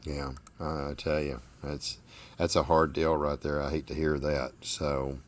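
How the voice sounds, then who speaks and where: A man's voice: a bass voice, flat delivery, unhurried. A Southern American man hosting a casual interview, talking in a folksy, rambling way and often repeating his words. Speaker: host.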